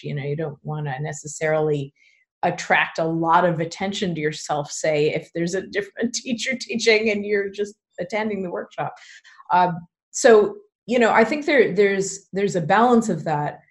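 This woman's voice is on the low side as she, a belly dance instructor, talks with a podcast host via video call. The conversation is loose and chatty, full of fillers and laughing.

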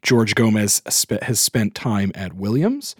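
Chatty Canadian podcast host. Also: male voice, lowish voice, sing-song, a little slow, breathy edge, dry recording, clean studio sound. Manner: chatty, self-deprecating. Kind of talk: casual chat.

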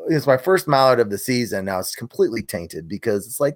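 A man's voice: mid-range voice, big pitch swings, fairly quick, hardly any pauses, dry recording, studio quality. Earnest middle-aged man telling a story. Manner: earnest, self-critical storytelling. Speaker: podcast co-host, hunting video maker. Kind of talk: casual chat.

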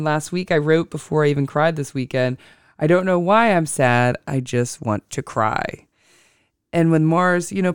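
Podcast host musing slowly, gravelly but smooth voice, dry close mic. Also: mid-range voice, no echo. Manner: slow and deliberate, thinking before speaking; self-correcting, with frequent restarts. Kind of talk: casual solo podcast talk.

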